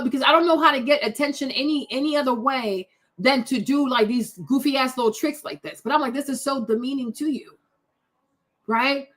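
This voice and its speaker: A woman host giving casual reaction commentary on pictures, animated and exclaiming, repeating herself a lot. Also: high-pitched. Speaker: commentary vlogger.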